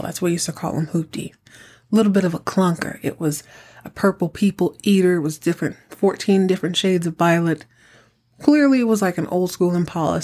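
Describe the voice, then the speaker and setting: A middle-aged woman hosting a podcast, telling a story in a chatty, animated way and acting out the dialogue. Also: on the low side. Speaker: podcast host. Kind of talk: casual storytelling.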